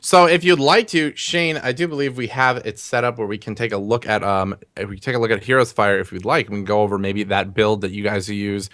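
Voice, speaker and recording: A man's voice: fairly low pitch, steady tone, brisk, few pauses, a bit bright, no echo, clean studio sound. A tired man co-hosting a gaming show, friendly and chatty as he talks strategy. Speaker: co-host and esports caster. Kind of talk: casual gaming show chat. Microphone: video call.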